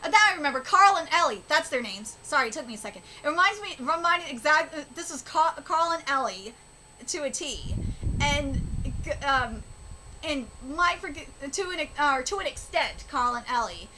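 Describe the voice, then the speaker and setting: Woman streamer, very high voice, halting rambly commentary, noisy background hum. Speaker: streamer reacting to a manga. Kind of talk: live reaction reading aloud. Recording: steady background noise.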